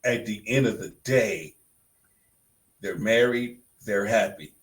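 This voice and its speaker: A man co-hosts a podcast in casual conversation, blunt and emphatic, repeating phrases for punch. His voice is on the low side and slow, and the recording quality is low.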